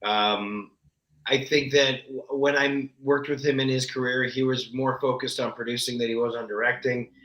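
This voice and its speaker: A man talking as a guest actor, telling candid, animated stories with a self-deprecating streak. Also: medium pitch, moderate pace. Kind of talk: casual interview storytelling. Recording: echoey room.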